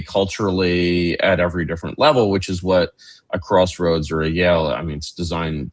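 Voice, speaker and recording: A man's voice: low voice, husky. A man talking in a casual political conversation, rambling and sardonic with many fillers.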